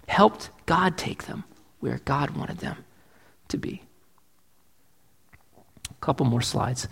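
A man preaching a sermon in a church as pastor, emphatic and full of rhetorical questions. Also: high voice. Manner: emphatic, asks rhetorical questions, acts out quotes.

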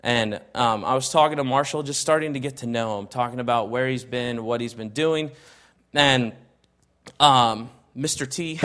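A man telling a personal story in a chatty, conversational way, his voice sitting at an ordinary middle pitch. He acts out each quoted exchange and often drops softer for the quoted lines. The delivery is relaxed and built on repeated "I'm like" and small restarts. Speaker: speaker giving a personal testimony. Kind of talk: casual spoken storytelling.

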